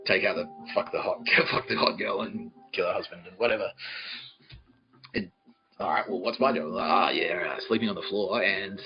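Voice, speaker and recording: A man in his forties rants through a comic story, swearing freely in a somewhat low voice. The audio is slightly dull and lo-fi, with faint music underneath. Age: 40s. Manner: profane, ranting, mock-angry. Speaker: podcast host. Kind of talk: comedic storytelling monologue.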